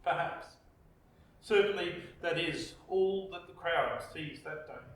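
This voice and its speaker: A man with an Australian accent preaching a reflective sermon as pastor, slow with dramatic pauses. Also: fairly high pitch, fairly bright tone. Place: church. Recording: echoey church, distant mic.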